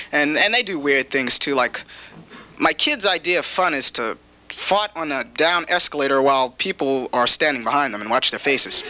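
A man's voice: fairly high pitch, sharp tone. A male stand-up comedian delivering a routine with punchy timing. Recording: noisy old TV recording.

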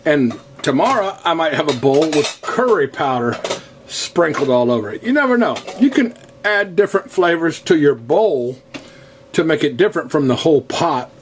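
A man's voice: a little high, sing-song, normal speed, slight background noise. A man hosting a casual home cooking vlog in his kitchen, talking to his viewers in a folksy way while losing his voice. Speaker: cooking channel host.

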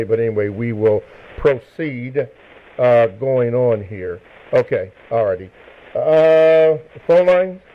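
A man hosts a live radio show in a mid-range voice. He talks in halting bursts full of fillers. The sound is narrow and boxy, like an AM broadcast. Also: mid-range voice. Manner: hesitant, with many fillers and restarts. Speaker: radio host.

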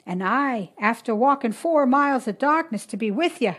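A woman voicing a calm middle-aged midwife who soothes and gives firm orders. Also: a little high, normal speed, husky, voice pushed up. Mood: firm, soothing.

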